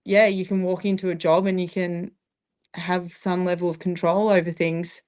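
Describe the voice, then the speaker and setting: A woman's voice: fairly low pitch, level tone, normal speed, a little mellow. An Australian woman in her thirties, a paramedic, talking reflectively in a casual interview and laughing often. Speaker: guest, paramedic.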